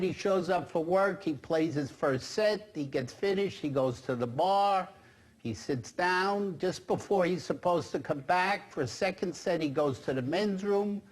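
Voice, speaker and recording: A man telling a long joke at a steady storytelling pace with small fillers. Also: high-pitched.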